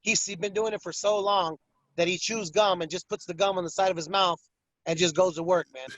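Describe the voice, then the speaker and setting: Speaking a little fast in a high-pitched voice, a boxing ring announcer animatedly recounts stories in a casual interview, mimicking fighters' voices. The lo-fi recording is dull and dry, without echo.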